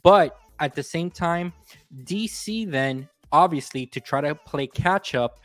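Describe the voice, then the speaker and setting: A man hosting a casual gaming podcast, talking in an animated, friendly way. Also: on the high side, takes it slowly, dry recording. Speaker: podcast host. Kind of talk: casual chat.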